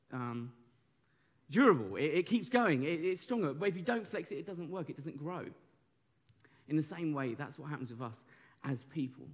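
Male preacher, young, animated and chatty, slightly high voice. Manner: animated, conversational, audience participation. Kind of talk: sermon.

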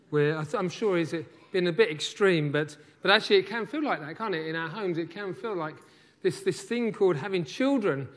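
A man's voice: high-pitched, fairly bright tone. A man preaching a sermon in a conversational, thoughtful way, often restarting his phrases. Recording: church hall with long reverb.

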